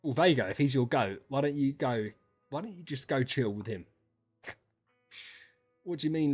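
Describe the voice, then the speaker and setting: A man streaming casual chat with viewers, ranting and swearing, dropping to mutters and then rising to loud outbursts. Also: mid-range voice, lively intonation, normal speed, long pauses, breathy edge, faint music behind.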